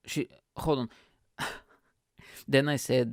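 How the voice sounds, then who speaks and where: Gravelly self-mocking comedian. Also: male voice, mid-range voice, fairly even intonation, takes it slowly, long pauses, dry recording, clean studio sound. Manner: self-mocking, profane, rambling asides. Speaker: comedian and podcast host. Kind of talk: casual comedy monologue. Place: at home.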